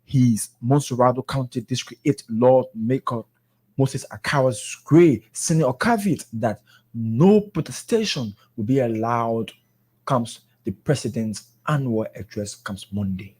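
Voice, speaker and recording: A man reads news reports as an anchor, steady with a few stumbles over names. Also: medium pitch, measured pace, slightly rough, dry recording. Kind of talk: scripted news reading.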